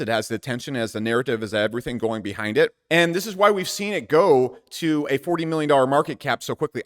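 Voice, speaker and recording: A man hosting a crypto channel, talking casually to camera in a brash, profane way with sudden loud bursts. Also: mid-range voice, long reverb tail.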